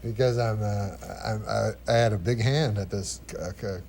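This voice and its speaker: A man telling a long, rambling anecdote as a comedy guest, full of halting restarts and dry asides. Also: fairly low pitch, darkish tone, slight background noise. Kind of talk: casual anecdote on a talk show.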